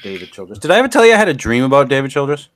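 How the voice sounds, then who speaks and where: A man's voice: medium pitch, very animated, racing. A man co-hosting a podcast in casual chat, a playful, crude joker. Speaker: podcast co-host.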